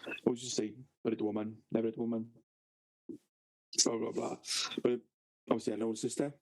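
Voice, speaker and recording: A man's voice: mid-range voice, level tone, fast talker, creaky, rough recording. A young Welsh man with a Valleys accent, telling a story in casual podcast chat with stumbling restarts and swearing. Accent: South Wales Valleys. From Wales. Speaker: podcast co-host.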